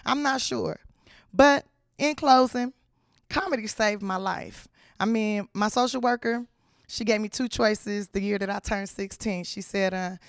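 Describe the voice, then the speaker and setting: A woman comedian from Los Angeles telling a comic story from her own life in slangy, animated speech. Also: medium pitch, moderate pace, creaky, no echo, clean studio sound. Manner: animated, slangy, acts out the people in her stories.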